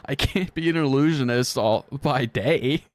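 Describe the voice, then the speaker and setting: A man's voice: medium pitch, dry recording. A man reacting on a live stream with casual, profane commentary, ranting and laughing often.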